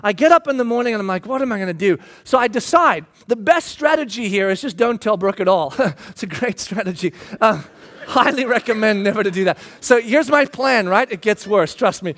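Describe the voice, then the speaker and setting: A man in his thirties, a pastor telling a self-mocking personal story in a sermon, animated and bursting into shouts when he re-enacts himself. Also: sits high, fairly quick.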